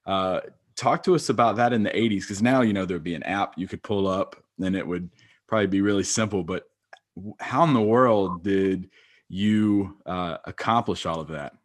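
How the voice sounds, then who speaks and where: A man's voice: sits low, normal speed. A man hosting a podcast, asking long rambling questions in a casual chat. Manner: rambling, many fillers and restarts. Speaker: podcast host.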